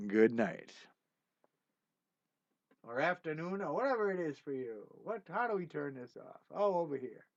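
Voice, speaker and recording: An older man hosting a livestream of his songs, chatting casually and rambling with plenty of "uh" fillers, then signing off warmly to his viewers. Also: on the high side, sing-song, measured pace, pauses often, no room sound. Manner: warm, encouraging sign-off. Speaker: singer-songwriter hosting a livestream. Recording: dull, muffled lo-fi sound with faint music.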